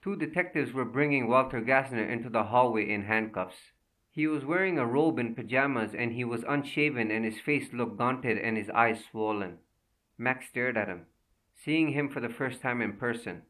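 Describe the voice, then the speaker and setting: Guy reading a thriller audiobook, steady and even, mid pitch, sounds a bit far from the mic. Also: moderate pace. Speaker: audiobook narrator. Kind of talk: scripted thriller narration.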